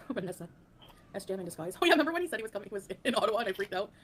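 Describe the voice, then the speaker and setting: Woman streamer, quick casual chatter, laughs a lot, greets chat by name, faint noise under the voice. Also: mid-range voice, a bit bright. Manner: thanks chat by name, laughs often, sings snatches. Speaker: livestreamer reading chat.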